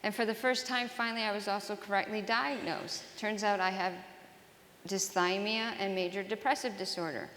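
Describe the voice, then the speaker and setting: A woman telling her own life story to a live audience, earnest and halting, with frequent restarts. Her voice carries through a large, roomy hall with a long reverb tail. A faint hum of room noise sits behind her. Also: medium pitch, fairly even intonation, fairly bright tone. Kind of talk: personal testimony talk to an audience.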